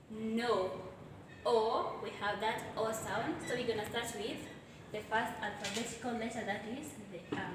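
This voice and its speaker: A woman with a fairly high voice teaches English literature at a board, explaining step by step and correcting herself along the way. The classroom lesson is recorded from a distance in a very echoey room with a noisy background.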